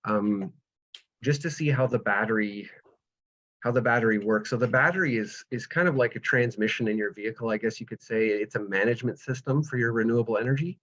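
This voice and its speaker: A man's voice: medium pitch, fairly quick, a bit bright. A man, explaining solar power step by step with patient analogies in a webinar over a video call. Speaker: solar energy presenter. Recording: dull lo-fi webinar audio.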